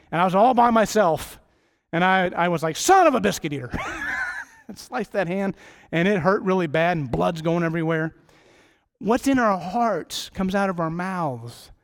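Casting note: high-pitched middle-aged man preaching a sermon in church, jokey and rambling. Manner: rambling, self-deprecating, jokey asides.

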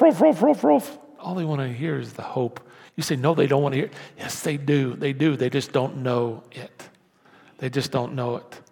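A male pastor preaching in a church sanctuary, his voice gravelly and a touch higher than most men's. He shifts from quiet, hushed asides to loud, emphatic pushes. The sound carries a long reverb from the hall. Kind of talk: sermon.

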